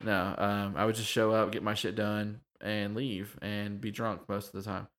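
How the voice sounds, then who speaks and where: A man's voice: lowish voice, little pitch movement, moderate pace, fairly bright tone. A man co-hosting a podcast, telling work stories in a laid-back way with plenty of swearing and acted-out quotes. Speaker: podcast co-host. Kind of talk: casual chat.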